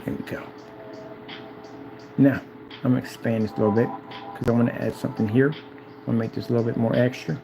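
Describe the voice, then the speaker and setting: A man talking casually and repetitively, hyping himself up while reading instructions aloud haltingly. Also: medium pitch, fairly even intonation, creaky, over music, low-quality recording. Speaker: DIY projector screen vlogger. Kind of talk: casual self-recorded commentary.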